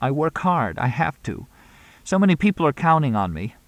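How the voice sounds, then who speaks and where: A man's voice: fairly high pitch, very animated, moderate pace, no room sound, pitched above the performer's own voice. A man playing a weary female film star. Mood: distressed.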